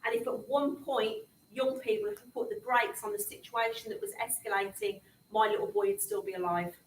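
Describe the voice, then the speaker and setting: A woman's voice: medium pitch, fairly even intonation, moderate pace, a little hiss or hum. A middle-aged woman telling her story to young people in an impassioned public talk. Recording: echoey room, speaker far from the mic.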